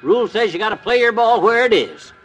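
An actor playing a brash, teasing husband who brags on the golf course, in 1940s radio comedy. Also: male voice, high voice, sing-song, brisk, a bit bright, breathy edge, soft background music, full character voice. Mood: boastful. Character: boastful, wisecracking husband golfer.

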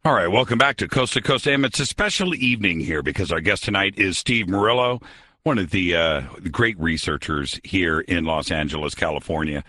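Man, radio talk show host, very deep bright voice, dry studio sound. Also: expressive, a little fast, no echo. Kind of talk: late-night radio talk show hosting.

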